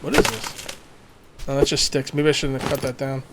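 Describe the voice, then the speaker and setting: A man's voice: mid-range voice, little pitch movement, moderate pace, heavy background noise. A man casually commenting while playing a survival game, thinking aloud and making jokey asides. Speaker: let's play gamer.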